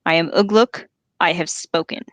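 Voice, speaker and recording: A woman reading aloud and voicing a brutal male orc captain with a slow, commanding growl. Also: fairly low pitch, fairly bright tone, no room sound, lightly acted. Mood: boastful.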